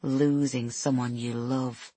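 A woman voicing a cold, goading female inner voice, speaking slowly and menacingly. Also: level tone, dark tone, husky, no room sound, full character voice. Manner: slow, low, menacing.

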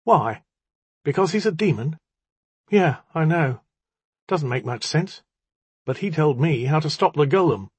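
A man reading an audiobook, voicing a defiant, sharp-tongued young woman with scornful, clipped retorts. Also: on the high side, animated, measured pace, long pauses, slightly rough, dry recording, pitched above the performer's own voice, exaggerated voice.

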